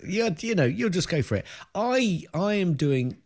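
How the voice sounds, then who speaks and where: An English man co-hosting a podcast, chatting in a jokey, animated way and laughing easily. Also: high voice, moderate pace. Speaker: podcast co-host. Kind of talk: casual chat.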